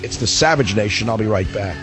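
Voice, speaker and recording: A middle-aged man hosting a radio talk show, hoarse as his voice gives out, ranting in a fiery, combative way. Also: on the low side, expressive, fairly quick, over loud music. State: hoarse, voice going.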